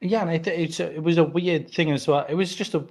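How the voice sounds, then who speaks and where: A British man co-hosting a sports podcast, talking in a loose, animated way full of filler words and small rants. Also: on the high side, fast. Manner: animated, ranting, frequent "like" fillers. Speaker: podcast co-host. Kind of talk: casual sports chat.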